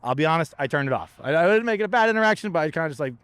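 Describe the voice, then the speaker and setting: A man's voice: fairly high pitch, lively intonation, rapid-fire, a bit bright, clean tone, no room sound. A man hosting a podcast, telling a rambling, profane comic story and laughing as he goes. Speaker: podcast host. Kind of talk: casual comedic monologue. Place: outdoors by a lighthouse.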